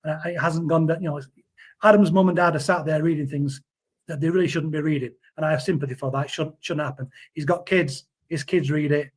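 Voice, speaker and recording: A man's voice: on the high side, steady tone, a little fast, breathy edge. A man, talking earnestly in a casual interview, often repeating words as he defends someone. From Yorkshire, England. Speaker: interview guest.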